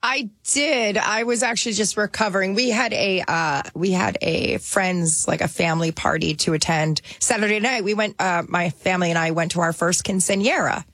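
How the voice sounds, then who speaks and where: A woman's voice: mid-range voice, normal speed, hardly any pauses, a bit bright, no room sound. A woman from New Jersey, co-hosting a radio talk show in a chatty, bubbly way. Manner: chatty, bubbly, says "like" a lot. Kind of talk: casual chat.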